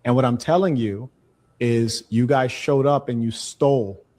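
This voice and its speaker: A man's voice: mid-range voice, measured pace, a little mellow. A man arguing insistently and repetitively, lecturing and refusing to be interrupted. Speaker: speaker in a played live clip. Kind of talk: heated argument.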